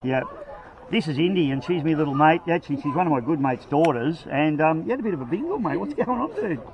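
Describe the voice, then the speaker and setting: A man's voice: a little high, expressive, quick pace, background noise. A man doing casual, joking trackside interviews with racers. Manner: jokey, laughing, matey. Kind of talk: casual post-race interviews. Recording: slightly dull lo-fi sound.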